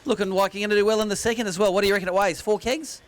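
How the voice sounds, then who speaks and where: An Australian man hosts an outdoor fishing tournament weigh-in. His voice sits fairly high, and he jokes matily with each angler while calling out the weights. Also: steady tone, racing. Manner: jokey, matey, upbeat announcing. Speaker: weigh-in host. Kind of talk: casual tournament weigh-in banter.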